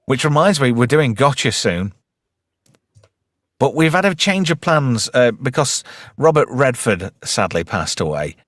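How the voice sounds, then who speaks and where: A man's voice: medium pitch, sing-song, unhurried, a bit bright, no room sound, clean studio sound. A man hosting a casual podcast chat, sweary, jokey and rambling. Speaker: podcast host.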